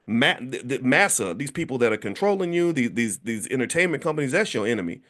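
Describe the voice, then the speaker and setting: A man's voice: mid-range voice, fast talker. A man in his fifties talking casually to viewers, telling stories and acting out the voices of people he quotes, with many restarts. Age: 50s. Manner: animated storytelling, acts out quoted voices, frequent restarts. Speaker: commentator.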